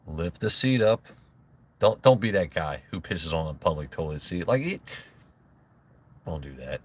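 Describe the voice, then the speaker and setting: A man's voice: deep voice, very animated, measured pace, highs cut off, a little hiss or hum. A man hosting a casual livestream, rambling and joking with his chat in loose asides. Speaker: livestream host.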